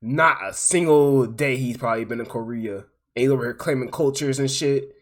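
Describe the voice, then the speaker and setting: Here the streamer's voice sits at medium pitch with a normal pace. Reacting live to a clip, he keeps up casual, swearing commentary, exasperated and repetitive, his volume rising and falling.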